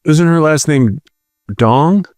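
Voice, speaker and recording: A man's voice: a little high, slow pace, a little mellow, no room sound, clean studio sound. A man co-hosting a casual comedic podcast, rambling and playful as he makes jokes and plugs the show. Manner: joking, rambling, playful asides. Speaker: podcast co-host.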